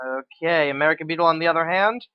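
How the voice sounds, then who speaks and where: A man calling a wrestling game match play by play, excitable and quick to correct himself. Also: a little high, clean tone, no echo, dull audio. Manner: excitable, self-correcting, swears at slips. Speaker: play-by-play commentator.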